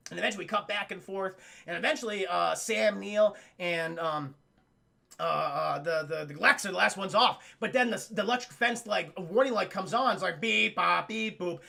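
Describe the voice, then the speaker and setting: A man casually recapping a film on a live stream, profane and animated, acting out the characters' lines. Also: sits high, normal speed, gravelly.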